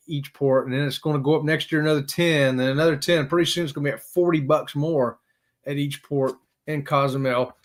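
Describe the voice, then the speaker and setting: A fairly high-voiced man chats casually on a live stream. He rambles, chuckles often and calls out to viewers by name. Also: a bit bright.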